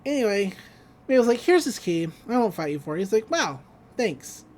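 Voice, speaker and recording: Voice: medium pitch, very animated, normal speed, darkish tone. A podcast co-host casually recapping a cartoon episode, acting out the characters' lines and laughing along the way.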